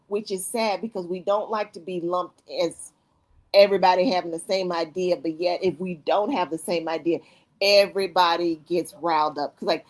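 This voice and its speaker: Animated woman chatting on a live stream. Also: lowish voice. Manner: acts out her own reactions in quoted asides. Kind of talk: animated casual chat.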